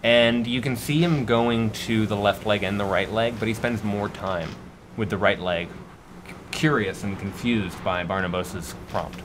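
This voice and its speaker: A man narrating as game master of a tabletop game, hesitant and filling pauses with "uh". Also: on the low side, noisy background. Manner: hesitant, many fillers.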